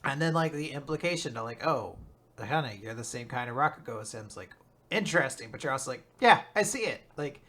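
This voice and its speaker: Co-host, mid-range voice with a bright edge, easygoing and agreeable. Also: mid-range voice, fast. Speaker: podcast co-host. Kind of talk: casual manga recap chat.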